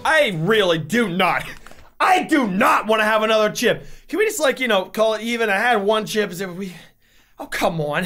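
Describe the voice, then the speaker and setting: A young man with a very high, bright voice, frantically yelping and coughing as ghost pepper burns his mouth. He pleads with the game and mocks himself between gasps, with music faintly under him. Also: lively intonation, normal speed. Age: young adult. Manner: frantic, yelping in pain, self-mocking. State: mouth burning, coughing, eyes watering. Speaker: YouTuber. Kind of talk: gaming and ghost pepper chip challenge commentary.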